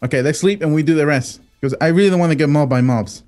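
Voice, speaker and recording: A young man bantering in a goofy, excitable way while playing a game with a friend, laughing often. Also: a little high, fast talker. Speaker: gaming channel co-host. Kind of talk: casual gameplay banter.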